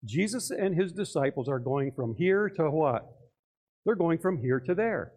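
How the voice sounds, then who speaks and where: An older man preaching a sermon, animated, acting out voices and putting questions to his congregation. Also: a little high, measured pace. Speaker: pastor.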